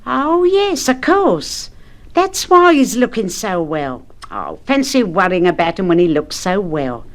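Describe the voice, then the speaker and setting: A woman's voice: mid-range voice, big pitch swings, unhurried. A woman playing a worrying, fussy working-class mother, in 1950s radio acting. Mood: suspicious.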